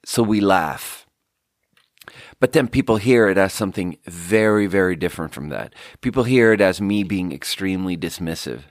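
Rambling man with a low, dry voice. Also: animated, moderate pace, dry recording. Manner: rambling, self-deprecating, frequent fillers. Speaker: podcast host. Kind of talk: casual solo talk with drink tasting.

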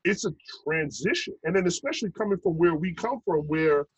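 A man's voice: on the high side, fairly quick, husky, dry recording, rough recording. A man, talking casually and swearing freely as he tells stories. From Brooklyn, New York. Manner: profane, animated storyteller. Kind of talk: casual chat.

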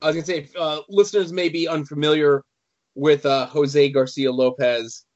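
A man's voice: fairly high pitch, fairly even intonation, moderate pace, muffled recording. A man hosting a casual talk, filling in background for listeners with the odd "uh". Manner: explains things for listeners, fillers like "uh". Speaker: podcast host. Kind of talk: casual chat.

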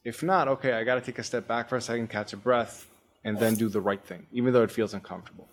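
Male podcast host and coach, quick delivery, explanatory, mid-pitched. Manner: energetic, explanatory, quotes his own inner voice. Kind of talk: coaching conversation.

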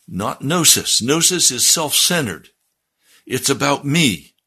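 A man preaching a sermon, explaining scripture in a deliberate, teaching manner. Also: mid-range voice, very animated, pushed and bright, slightly rough.

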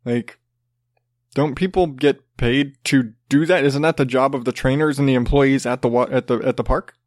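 A man's voice: medium pitch, steady tone, moderate pace, no echo, studio quality. A man hosting a podcast, ranting sarcastically with plenty of swearing and rambling restarts. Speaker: podcast host. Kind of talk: casual ranting commentary.

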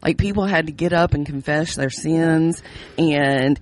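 A woman's voice: sits low, unhurried, darkish tone. Candid woman telling stories with a laugh. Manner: candid storytelling with frequent laughs and restarts; wry about her strict religious upbringing. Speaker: podcast co-host. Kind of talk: casual chat.

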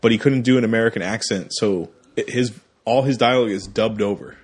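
A man co-hosting a casual movie podcast, talking loosely with a slightly husky, breathy voice. He rambles through the story and breaks into short silly impressions of the characters. The talk sounds unscripted. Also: on the low side, fairly quick. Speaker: podcast co-host. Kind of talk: casual movie review chat.

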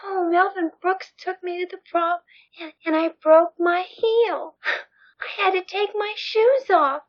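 A woman's voice: extremely high pitch, measured pace, lo-fi sound. An actress playing a lonely, unhinged woman who speaks plaintively and tearfully, wavering between sweet and menacing, in film dialogue. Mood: wistful.

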